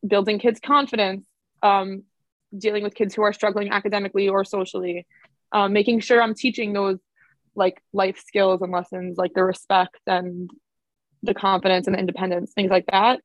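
A woman in her twenties speaks casually as a podcast guest, filling her thoughts with "um" and "like". Her voice sits at an ordinary middle pitch. The sound is dry and close, with no room around it. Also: level tone, moderate pace, dry recording. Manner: chatty, many fillers like "um" and "like". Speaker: elementary school teacher, podcast guest.

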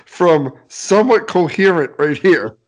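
A man's voice: fairly high pitch, lively intonation, unhurried. Laughing man in casual chat. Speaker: podcast co-host.

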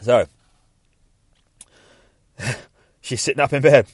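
A man's voice: sits low, measured pace, no room sound, studio quality. A man hosting a podcast, casually walking through a comic book page by page, rambling, swearing freely and laughing along the way. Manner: rambling and profane, laughing often. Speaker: podcast host.

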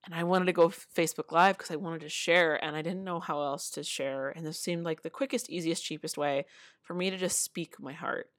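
Earnest low-voiced woman, many fillers. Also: steady tone, fairly quick, no echo, clean studio sound. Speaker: motivational speaker. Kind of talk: casual talk to camera. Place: city home.

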